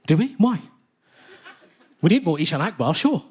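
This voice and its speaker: A British man doing stand-up on a theatre stage, animated, profane and mock-indignant. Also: fairly high pitch, brisk, long pauses, a little hiss or hum. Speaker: stand-up comedian. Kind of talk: stand-up comedy. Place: theatre stage with live audience.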